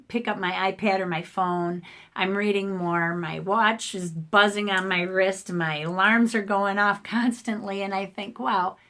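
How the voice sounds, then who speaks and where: Hoarse, emotional middle-aged woman vlogging. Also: medium pitch, a bit bright. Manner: emotional, rambling, frequent ums and restarts. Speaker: art channel host. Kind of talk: casual personal vlog talk. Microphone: camera facing the speaker.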